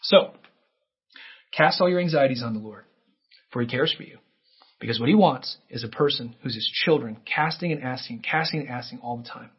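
A man's voice: medium pitch, normal speed, breathy edge, lo-fi sound. A male pastor preaching a sermon, telling stories and acting out the characters' voices. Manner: storytelling with acted-out character voices.

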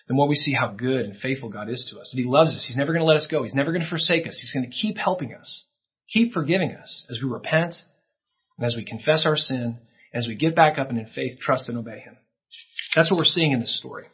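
A man's voice: medium pitch, quick pace, slightly rough, lo-fi sound. A man preaching a sermon in an earnest way, his voice rising for emphasis, with a few restarts. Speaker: pastor.

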